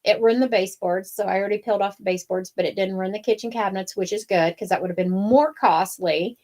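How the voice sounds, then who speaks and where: A woman co-hosting a wreath-making craft show chats casually, spinning a long, meandering story full of fillers. Her voice is medium in pitch with a darkish tone, and she talks at a quick pace.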